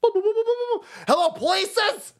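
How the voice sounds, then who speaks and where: A man's voice: extremely high pitch, big pitch swings, measured pace, fairly bright tone, voice pushed up, exaggerated voice. A man putting on the voice of a panicky older man who stammers and pleads with the police. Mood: panicky pleading.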